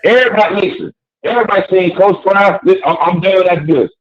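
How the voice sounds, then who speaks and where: A man calling in to a show, speaking passionately in a husky voice and repeating his questions. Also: sits high, quick pace. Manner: impassioned, lively, repeats questions. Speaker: caller. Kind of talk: passionate call-in monologue. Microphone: phone. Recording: tinny phone line.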